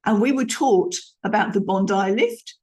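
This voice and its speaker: A woman's voice: medium pitch, animated, moderate pace, a little mellow. A middle-aged woman gives an emphatic lesson as a speaking coach, showing different tones of voice and often restarting her phrases. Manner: demonstrative, emphatic, with frequent restarts. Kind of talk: instructional talk on vocal tone.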